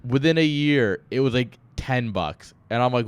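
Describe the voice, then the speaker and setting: A man's voice: medium pitch, expressive, normal speed, smooth, no room sound. A man casting a strategy game on a live stream, rambling off-topic, joking and swearing freely. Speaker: game caster. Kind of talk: casual live-stream commentary.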